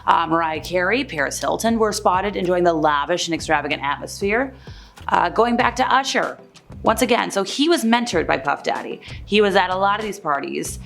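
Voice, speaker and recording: A woman's voice: on the low side, creaky. Chatty woman dishing celebrity gossip. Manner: chatty, conversational, paraphrases others with "like". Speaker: entertainment news host. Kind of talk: casual celebrity gossip commentary.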